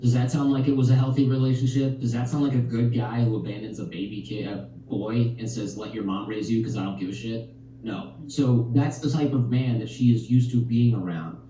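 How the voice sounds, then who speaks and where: A man with a very dark, mellow voice talks through relationship stories and acts out the lines of the people in them. He sounds set back from the mic in a very echoey space. A faint ambience sits behind him. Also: medium pitch, brisk, recorded from a distance, a little hiss or hum. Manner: animated storytelling, acts out quotes. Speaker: podcast guest. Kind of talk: podcast conversation.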